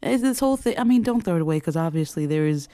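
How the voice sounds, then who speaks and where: Man, casual commentary host, sarcastic, expressive, mellow voice, dry sound. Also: a little high, quick pace, no room sound. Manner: expressive, sarcastic, swears often, laughs a lot. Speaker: podcast host.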